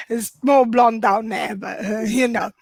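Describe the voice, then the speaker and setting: A woman's voice: fairly high pitch, takes it slowly, creaky, husky, dry recording. A woman in her forties with an Italian accent, doing a chatty, self-mocking stand-up set over a video call from home and laughing through her lines. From Italy. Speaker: stand-up comedian.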